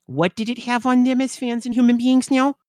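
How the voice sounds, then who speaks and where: A woman voicing a gossipy, easily confused middle-aged aunt in a high, shrill put-on voice, rambling as she talks. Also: brisk, a little mellow, dry recording, clean studio sound, lightly acted.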